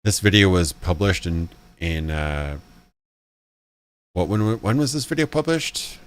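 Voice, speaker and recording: A man's voice: low voice, lively intonation, a little slow. A man hosting a casual live commentary stream, rambling with fillers and restarts. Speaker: channel host.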